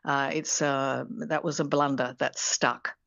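A woman's voice: a bass voice, little pitch movement, measured pace, creaky, a bit bright, no room sound, muffled recording. A woman professor, explaining things on radio in a thoughtful, chatty way with plenty of ums and restarts. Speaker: linguistics professor, guest.

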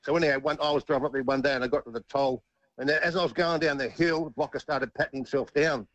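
A man's voice: medium pitch, steady tone, quick pace, a bit bright, dry recording, lo-fi sound. An Australian man, a former rugby league player, telling stories in a chatty interview and often restarting his sentences. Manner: chatty, restarts and repeats words. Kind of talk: casual interview anecdote.

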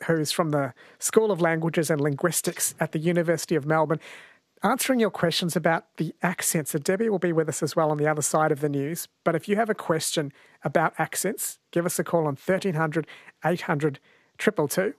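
Dry-sounding radio talk host. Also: female voice, low voice, brisk, no echo. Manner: conversational, introduces callers. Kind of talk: radio talk show hosting.

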